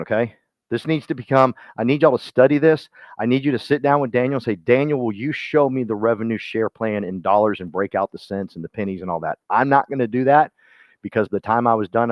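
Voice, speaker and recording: A man with a drawl gives a folksy, animated motivational talk to a room of colleagues, calling on people by name. His mid-range voice comes across dry and slightly dull, with a lo-fi quality. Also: medium pitch, no echo. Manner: folksy and animated, speaks straight to listeners by name. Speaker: real estate team speaker. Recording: dull lo-fi sound.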